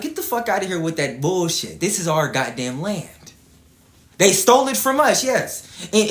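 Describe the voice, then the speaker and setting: A man's voice: high voice, echoey room. A man from Atlanta, hosting a livestreamed rant in a profane, combative way and repeating himself. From Atlanta, Georgia, US. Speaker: livestream host.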